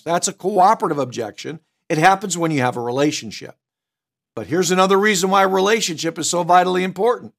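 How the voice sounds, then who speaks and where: A man's voice: high-pitched, animated, a little fast, fairly bright tone. A middle-aged man teaching a sales training session, direct and emphatic, with punchy asides. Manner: switches tone to act out customers. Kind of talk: recorded training seminar.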